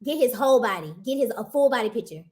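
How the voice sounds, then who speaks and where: A woman in casual livestream chat, animated and teasing, repeating herself for emphasis. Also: fairly high pitch, fast.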